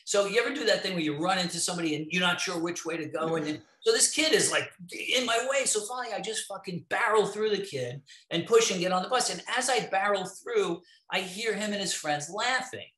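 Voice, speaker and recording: A man, an interview guest, telling a long story in an animated, profane way. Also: sits high, fairly quick, few pauses. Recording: roomy echo.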